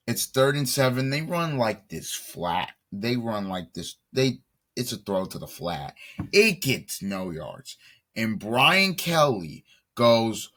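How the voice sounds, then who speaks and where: Medium in pitch and fairly bright in tone, a male sports talk host holds forth alone on his commentary show. He keeps restarting sentences and repeating phrases, pressing his point with emphasis.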